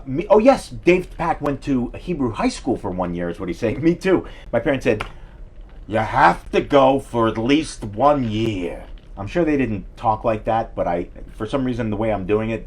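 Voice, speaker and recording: Rambling live-stream host, middle-aged man, husky and lively, chatty digressive storyteller. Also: on the low side. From New York City area. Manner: digressive storyteller, chatty, self-deprecating, reads viewer comments aloud. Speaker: livestream host.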